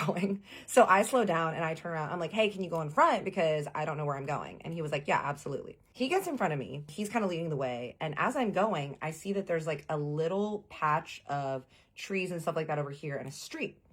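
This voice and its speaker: A woman telling a casual storytime to viewers, animated and acting out the quoted lines. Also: sits low, fairly quick, few pauses, husky. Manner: addresses viewers as "y'all".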